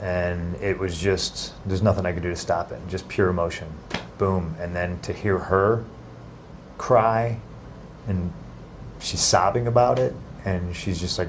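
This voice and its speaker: Low-voiced man telling an emotional story. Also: fairly even intonation, a little hiss or hum. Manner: halting, repeats words when moved. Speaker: interview guest.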